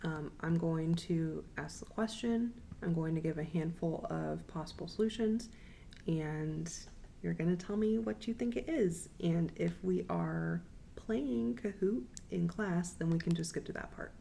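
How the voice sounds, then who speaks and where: Young woman student presenter, low gravelly voice, slow repeated quiz readout, faint room noise. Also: mellow. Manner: measured, repeats questions and options slowly, frequent ums. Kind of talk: recorded class presentation with quiz questions.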